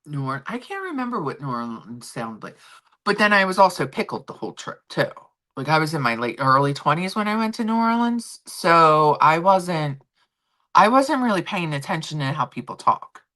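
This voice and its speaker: Middle-aged woman, Philly accent, host rambling in casual chat; low, bright and very lively pitch. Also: normal speed. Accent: Philadelphia. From Philadelphia, Kensington. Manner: rambling, chatty, talks to her pets mid-stream. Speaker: vlog host.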